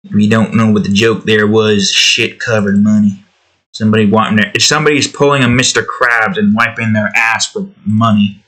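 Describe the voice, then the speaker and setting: Bright-voiced man ranting while drawing. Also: on the low side, fairly even intonation, moderate pace. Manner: rambling, profane and sarcastic. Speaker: art channel host. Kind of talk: casual commentary while drawing.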